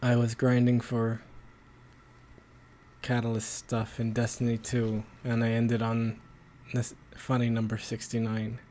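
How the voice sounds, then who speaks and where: A man's voice: medium pitch, monotone, measured pace, warm tone, a little hiss or hum. A man streaming a game, chatting casually with rambling, stumbling commentary. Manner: rambling, self-correcting, stumbles over words.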